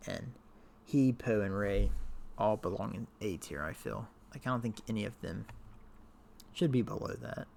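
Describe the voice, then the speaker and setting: A man's voice: lowish voice, normal speed, vocal fry, darkish tone, slight background noise. A man casually talking through his character rankings, hesitant and full of fillers, tired and a little worn out. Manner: rambling, hesitant, many fillers. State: tired, voice wearing out. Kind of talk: casual talk to camera.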